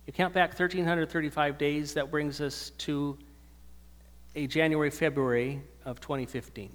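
A male pastor giving an earnest sermon that swells into emphatic preaching, in a church hall with long reverb. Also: fairly high pitch.

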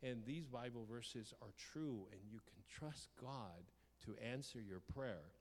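A man preaching through a personal story, lively and theatrical, breaking into the voices of the people in it. His voice sits at an ordinary middle pitch. It rings out into a long hall reverb. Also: a little slow. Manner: lively, acts out his own shouts and dialogue. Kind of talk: storytelling sermon.

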